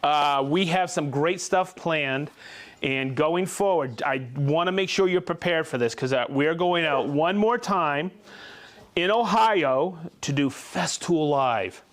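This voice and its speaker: A man's voice: on the high side, slow, fairly bright tone. A man hosting a live tool show, chatty and informal, demonstrating gear and reading out viewers' names and hometowns. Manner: informal, with restarts and asides. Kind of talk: live product demo and viewer shout-outs.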